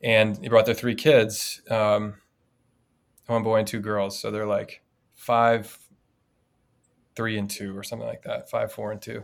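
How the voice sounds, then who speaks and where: A man's voice: fairly low pitch, a little slow, vocal fry, long pauses. Reflective man telling a story. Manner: storytelling, reflective, animated in anecdotes. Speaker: priest, podcast co-host. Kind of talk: casual conversation.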